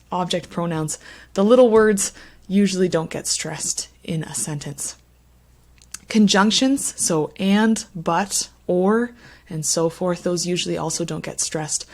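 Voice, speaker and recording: A woman giving an English pronunciation lesson, speaking slowly and stressing key words as she lists examples. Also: fairly low pitch, a little mellow. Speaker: English teacher.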